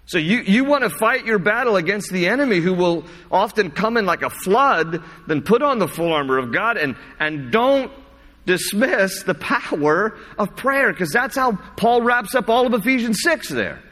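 A male pastor giving a sermon. He reads scripture with emphatic, rising delivery that slows on key words, then drops into casual asides. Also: a little high, big pitch swings, fairly bright tone. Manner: breaks into casual asides with fillers and restarts. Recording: echoey hall.

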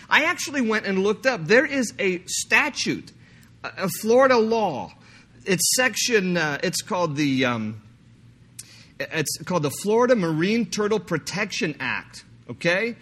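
A man preaching a sermon, animated and joking, slipping into mock voices to make his point. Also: sits high, unhurried. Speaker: pastor.

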